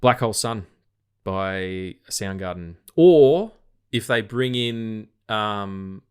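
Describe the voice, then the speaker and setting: Tired Australian man, low-voiced. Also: takes it slowly, clear, resonant tone. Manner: rambling, repeats words, swears casually. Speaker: podcast co-host. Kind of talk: casual film podcast chat.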